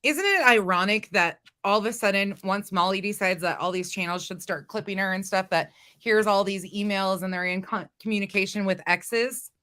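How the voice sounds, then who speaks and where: Bright-voiced woman hosting a gossip chat. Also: medium pitch, normal speed, hardly any pauses. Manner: chatty, rhetorical questions to viewers.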